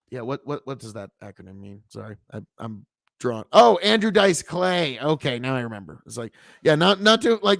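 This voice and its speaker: A man's voice: on the high side, gravelly, no echo. Sarcastic male streamer with a dry sound. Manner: sarcastic, swears, laughs at himself. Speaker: streamer host. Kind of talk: casual political commentary.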